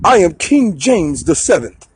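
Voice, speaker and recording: A man's voice: sits high, big pitch swings, a little slow, slight background noise, voice pushed up. A man putting on a crude pompous king. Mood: mock regal. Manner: mock-royal, bossy, profane. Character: crude pompous male king demanding obedience.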